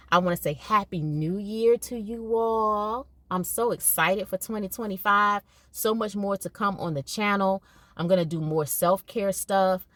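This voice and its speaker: A woman's voice: mid-range voice, a bit bright, dry recording. A middle-aged woman talking casually to her viewers, emphatic and conversational, often repeating herself for emphasis. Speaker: podcast host and educator. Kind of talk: casual monologue.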